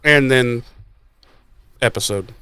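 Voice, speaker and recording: A man's voice: mid-range voice, slow, sharp tone, clean tone, no room sound. A man co-hosting a podcast, recapping a show in crude, exasperated casual chat and acting out the characters' lines. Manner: crude, exasperated, acts out quotes. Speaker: podcast co-host.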